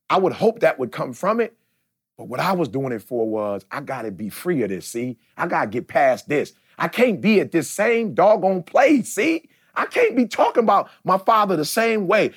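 Husky preacherly man on a podcast. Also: fairly high pitch, no room sound, studio quality. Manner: preachy, emphatic, repeats "see?". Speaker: podcast host. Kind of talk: casual chat.

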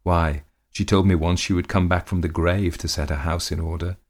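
A ruined gentleman speaks in a deep, grim, sullen voice, as a man reads him, brooding and curt, with bursts of anger in a storybook telling. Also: fairly even intonation, normal speed. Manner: sullen and grim, flaring into rage.

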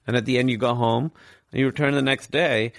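A man's voice: mid-range voice, steady tone, fairly quick, gravelly, no room sound, studio quality. A man candidly telling a personal story as a guest in a conversation, rambling and swearing casually.

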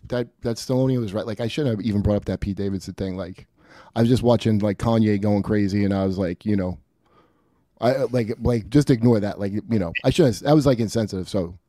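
A man co-hosting a comedy show, talking in mumbling, hesitant, halting bits of banter. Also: lowish voice, warm tone, dry recording.

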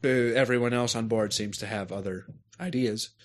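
A man's voice: mid-range voice, fairly even intonation, normal speed. A man in casual chat, describing a game at length and searching for words. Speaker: podcast co-host reviewing a game.

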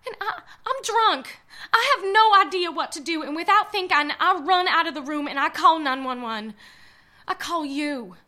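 An actress playing a drunk, frightened young woman who narrates her own ordeal, halting and stammering. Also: extremely high pitch, expressive, pushed and bright, exaggerated voice. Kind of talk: first-person audio drama narration.

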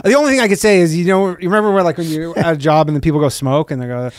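A man's voice: on the high side, rapid-fire. A man co-hosting a comedy podcast, reading out headlines and mocking them in casual banter. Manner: reads out article headlines with mocking asides.

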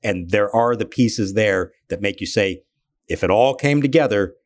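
A male podcast co-host giving casual analysis in a thoughtful, measured way. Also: lowish voice, expressive.

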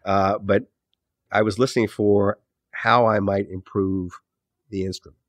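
A man's voice: fairly low pitch, little pitch movement, a little slow, dry recording, clean studio sound. A man being interviewed as an author, talking in a thoughtful, rambling way and often correcting himself mid-sentence. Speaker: author and podcast host, interview guest. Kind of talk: casual interview talk.

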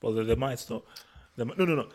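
A man's voice: medium pitch, fast, darkish tone. A man in casual football chat, telling stories with many stammered restarts and laughter. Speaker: podcast co-host.

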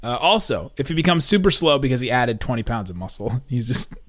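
A man's voice: mid-range voice, very animated, a little fast. A man co-hosting a sports podcast, talking casually and laughing between points. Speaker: podcast co-host.

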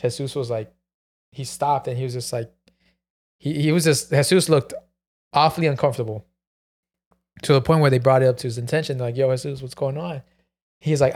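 A man's voice: mid-range voice, a little mellow. A man telling a long story in casual podcast chat, full of "like" and "bro". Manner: rambling, peppered with "like" and "bro". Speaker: podcast co-host.

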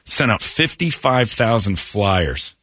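A middle-aged man hosting a morning radio show from a studio, telling rambling stories and jumping into loud mocking voices. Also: on the low side, slow pace, no room sound. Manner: rambling storyteller, swings into loud excited mock voices. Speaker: radio host. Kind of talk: casual morning radio talk. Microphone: studio microphone.

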